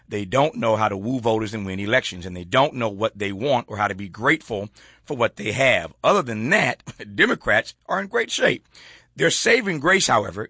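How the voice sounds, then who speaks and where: A man's voice: fairly low pitch, pushed and bright, husky, no room sound, clean studio sound. A man hosting a political talk show, reading from a column and chuckling as he riffs on it. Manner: reads aloud then riffs, folksy and chuckling. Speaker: host.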